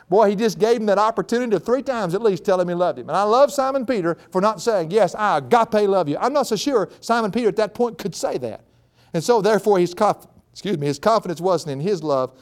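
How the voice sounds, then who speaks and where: A man delivers a sermon in a folksy, conversational way. His voice is a little high and very lively, swinging up into excited peaks. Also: fairly quick. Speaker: preacher.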